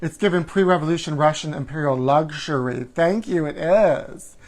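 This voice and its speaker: A man's voice: a little high, moderate pace. A middle-aged man hosting a campy live talk show, sassy and theatrical, calling his viewers honey and darling and chanting catchphrases in a sing-song way. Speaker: host. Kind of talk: campy casual live-stream chat.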